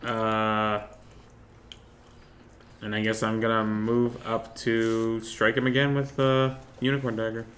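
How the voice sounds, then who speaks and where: A man's voice: fairly low pitch, level tone, slow, long pauses, fairly bright tone, a little hiss or hum. A man playing a tabletop game, describing his moves casually and a bit apologetically. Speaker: player.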